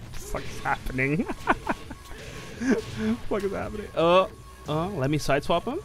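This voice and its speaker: A man giving casual live commentary while playing an online fighting game, excitable, swearing and laughing often, with sudden yelps. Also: fairly high pitch, slow, soft background music.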